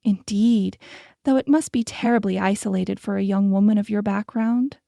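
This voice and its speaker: A woman's voice: mid-range voice, fairly even intonation, moderate pace, gravelly, mellow, no echo, clean studio sound, lightly acted. Woman doing a prim, meddling frontier matron. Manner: prim, falsely concerned gossip. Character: prim, meddling middle-aged shopkeeper's wife.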